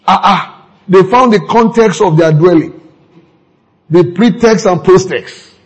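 A man preaching a sermon, with sudden jumps in pitch and words repeated for emphasis. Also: unhurried, breathy edge, rough recording.

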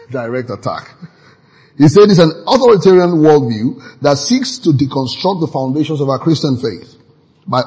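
A man preaching a sermon in an animated way, now and then shouting out quoted lines. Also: on the high side, slightly rough. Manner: animated, acts out quoted voices with sudden shouts. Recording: long hall reverb.

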